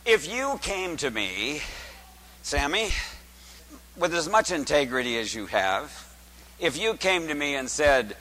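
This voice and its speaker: A male priest preaches in a high, sharply bright voice that swings widely in pitch. He talks to the congregation with booming, dramatic rhetorical questions. The voice rings with the long reverb of a church. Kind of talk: liturgical sermon.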